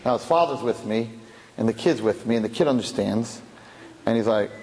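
A man speaking as a rabbi, telling a story in a lively way and acting out the people in it. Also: fairly low pitch, brisk, slight background noise. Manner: animated, acts out the dialogue of the story. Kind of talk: storytelling talk. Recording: echoey hall.

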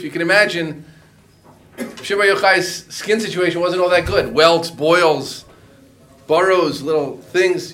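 Man teaching a Talmud class, higher voice. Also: fairly bright tone. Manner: weaves Aramaic and Hebrew phrases into his English explanation.

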